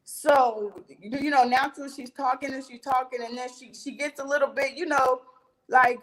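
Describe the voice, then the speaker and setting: Recounting a heated argument as an interview guest, a young woman speaks fairly quickly in a very high voice, casual and rambling, interrupting others and cursing freely. It's a low-quality recording.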